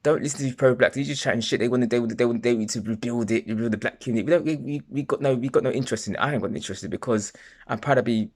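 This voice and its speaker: A man's voice: medium pitch, rapid-fire. A man from London with a London accent, ranting to camera in a heated, stumbling way, full of restarts and swearing. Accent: London English. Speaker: vlogger. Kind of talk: angry monologue to camera.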